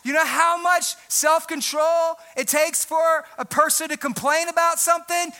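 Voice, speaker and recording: A young adult man preaches a sermon, loud and emphatic, often shouting his points. His voice sits very high. It has a sharp, piercing edge. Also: fairly even intonation, normal speed. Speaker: pastor.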